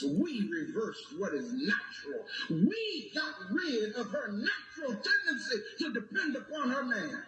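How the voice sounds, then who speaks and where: A man lecturing a congregation like a preacher. He reads a text aloud, stops to ask the audience whether they follow, and rises into shouted emphasis. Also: high voice, big pitch swings, slow. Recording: echoey room with background noise.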